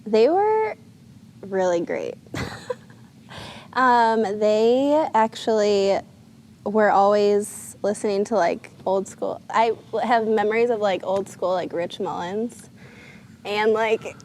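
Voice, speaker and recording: A woman's voice: medium pitch, slow, darkish tone. A young woman in her twenties speaking as a guest on a podcast, in a mid-range voice. She wanders through her answers with fillers and false starts, over a faint background hiss. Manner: chatty and rambling, many fillers and restarts. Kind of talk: casual interview chat.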